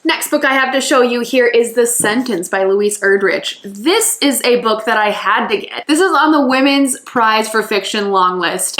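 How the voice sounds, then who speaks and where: A woman's voice: medium pitch, a bit bright, echoey room. A woman book vlogger chatting casually about new books, gushing and enthusiastic. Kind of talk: casual book haul vlog.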